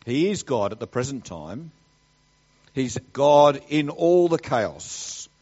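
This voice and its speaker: A male preacher delivering a sermon at an unhurried, deliberate pace. He swings from ringing declarations down to hushed asides. The recording is dull and a little lo-fi. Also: medium pitch, big pitch swings. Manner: emphatic, swings between loud declarations and quiet asides.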